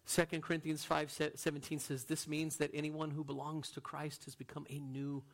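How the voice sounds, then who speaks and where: An earnest male pastor preaching with a slightly high voice. He pushes some lines out loud and emphatic, then drops to a near hush. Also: flat delivery, moderate pace, gravelly. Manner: earnest, swings from loud to hushed. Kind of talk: sermon.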